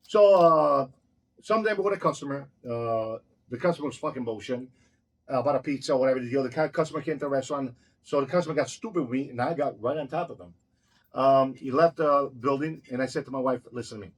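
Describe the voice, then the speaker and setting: A man telling a story in a casual interview, profane and excitable, repeating himself as he goes. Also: medium pitch, fast. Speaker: restaurant owner telling his story.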